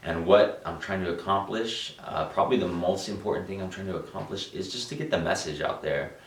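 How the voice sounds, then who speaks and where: Young man, deep voice, animated storyteller; roomy, distant mic. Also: brisk. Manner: animated storyteller, acts out quotes, frequent restarts. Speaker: musician interviewee. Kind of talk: storytelling interview answers.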